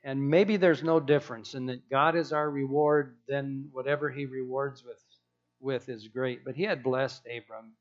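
A man's voice: mid-range voice, steady tone, normal speed, highs cut off. A man preaching a sermon in a conversational way, with rhetorical questions and restarts.

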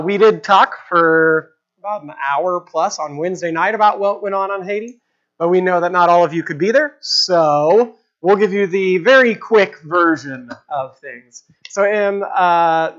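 A man with a notably high voice introduces a mission trip report to a church group. He speaks casually and haltingly, pausing on "uh" as he sets things up. The sound is dull and lo-fi.

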